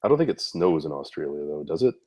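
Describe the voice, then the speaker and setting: A man with a heavy cold, co-hosting a casual live-stream chat with deadpan, teasing banter. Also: a bass voice, fast talker. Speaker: co-host.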